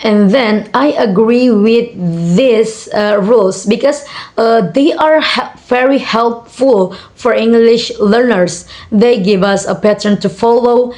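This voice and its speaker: Young woman, student reading an assignment, slightly high voice, slow and halting, many fillers. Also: darkish tone. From Indonesia. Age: young adult. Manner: hesitant, frequent fillers and repeated example words. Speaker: university student. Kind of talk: reading a class assignment on word stress.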